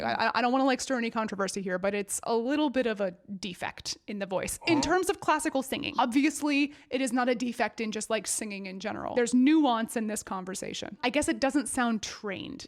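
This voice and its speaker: A woman's voice: fairly high pitch, a little fast. A woman in her thirties, an opera singer, explaining singing in a chatty, playful way with asides and self-corrections. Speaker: opera singer and video host. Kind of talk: casual educational talk to camera.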